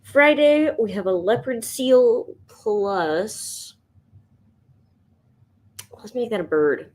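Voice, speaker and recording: A woman streaming live as she sketches, chatting to viewers and thinking out loud, yawning now and then. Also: fairly high pitch, big pitch swings, extremely slow. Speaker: livestream sketch artist. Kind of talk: casual livestream chat.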